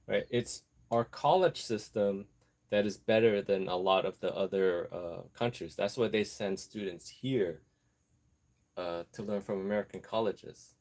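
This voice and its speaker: A man vlogging in a rambling casual chat, digressing and laughing often while he works on an apron. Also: fairly low pitch. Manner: chatty, digressive, laughs often, easily distracted; talks while sewing an apron.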